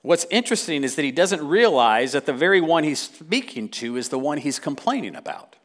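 A man's voice: a little high, very animated, brisk. A man preaching a sermon, impassioned and building repeatedly to emphatic peaks. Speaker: pastor.

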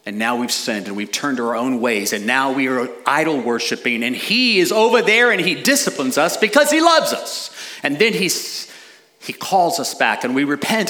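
A middle-aged man preaching a sermon as a pastor, animated with dramatic pauses. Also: mid-range voice.

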